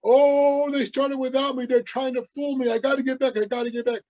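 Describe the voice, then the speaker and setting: A man's voice: very high-pitched, fairly even intonation, very fast, voice pushed up. A man voicing a sly male coyote who panics and repeats himself urgently, in a dull lo-fi recording. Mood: frantic.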